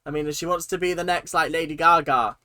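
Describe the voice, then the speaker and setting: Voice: medium pitch, steady tone, fast, pushed and bright. A host ranting indignantly while reacting to a TV show, in heated, fired-up commentary.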